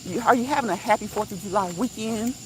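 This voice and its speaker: A woman with a mid-range voice talks fast over background noise while livestreaming a walk-and-talk outdoors. She chats casually, laughs a lot, and reads her viewers' comments aloud.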